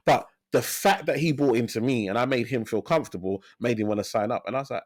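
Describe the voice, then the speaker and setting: A man in his thirties talks as a guest on an interview podcast. He tells his story with energy and drives points home by repeating phrases. His voice sits at a middle pitch, recorded close and dry. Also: fast talker, few pauses, no echo. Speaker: financial advisor, podcast guest. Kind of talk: casual interview talk.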